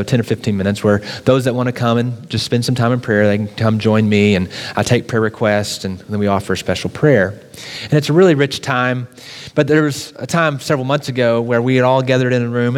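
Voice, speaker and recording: A man's voice: medium pitch, long reverb tail. A man preaching a sermon, building with repeated questions and rising emphasis. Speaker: pastor.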